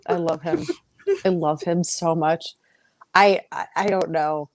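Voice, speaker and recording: A woman co-hosting a podcast in casual chat, animated, acting out quotes and laughing often. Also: lowish voice, takes it slowly, creaky, no room sound. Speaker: podcast co-host.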